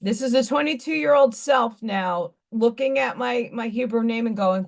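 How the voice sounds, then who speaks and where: Woman on a live stream, talks a bit high, rambly and blunt, just chatting. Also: normal speed, gravelly, few pauses. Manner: rambling, candid storytelling with blunt asides. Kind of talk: casual chat.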